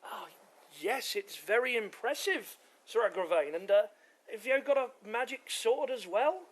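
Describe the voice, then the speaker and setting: Fussing mayor, played by a man, hesitant, stammering, high, bright. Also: expressive, measured pace, full character voice. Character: flustered, fussing male town mayor.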